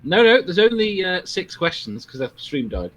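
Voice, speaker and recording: A man's voice: high voice, sing-song, moderate pace, a bit bright. A man on a group call who runs a quiz segment, playful and laughing often. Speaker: guest running a quiz. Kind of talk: casual chat on a video call.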